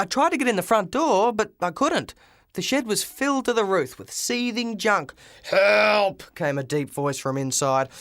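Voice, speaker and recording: A man's voice: high-pitched, fairly bright tone, no room sound, clean studio sound. A man reading a first-person storybook aloud as an audiobook, with frequent restarts and small fillers. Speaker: audiobook reader. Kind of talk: scripted audiobook narration.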